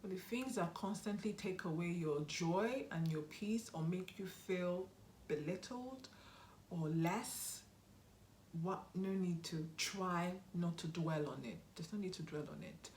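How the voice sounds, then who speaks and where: A woman's voice: lowish voice, measured pace, a little mellow, a little hiss or hum. A young woman giving earnest, encouraging advice on a motivational vlog and repeating her key points. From Nigeria. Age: young adult. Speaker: YouTube host. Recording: roomy echo.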